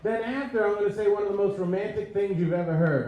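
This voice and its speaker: A man's voice: high-pitched, fast talker, few pauses, mellow. A man doing a crude, self-deprecating stand-up set on a club stage into a handheld mic, riffing with the crowd. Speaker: stand-up comedian. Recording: echoey club with audience. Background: audience laughter.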